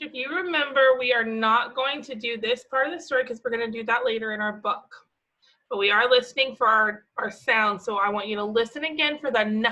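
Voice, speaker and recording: Woman, preschool teacher, fairly high voice, patient and encouraging. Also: sharp tone, rough recording. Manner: slow, patient, sing-song and encouraging. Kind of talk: teaching a worksheet to young children.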